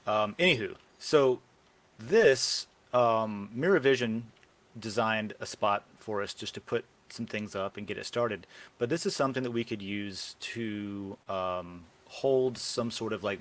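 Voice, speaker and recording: A man's voice: on the low side, measured pace, a bit bright. A man hosting a casual live show, rambling and brainstorming ideas aloud with plenty of fillers. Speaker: podcast host. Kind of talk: casual live-stream chat.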